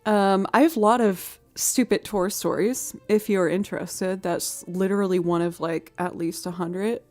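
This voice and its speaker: A woman musician chatting on her live stream at home, telling stories with frequent laughter and cooing softly to her pet. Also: fairly low pitch. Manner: animated, laughing often while telling stories; soft and cooing when talking to her pet. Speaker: musician livestreamer. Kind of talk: casual storytelling chat on a live stream.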